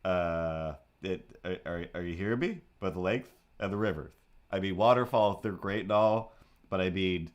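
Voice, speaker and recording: Man, low-ish voice, rambling, playful, casual livestream chatter, coos at his cat. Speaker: livestream host.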